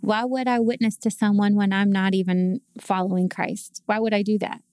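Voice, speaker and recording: A woman's voice: medium pitch, level tone, moderate pace, a little mellow, no echo, studio quality. A woman guest telling her faith story in a casual podcast chat, earnest and emotional.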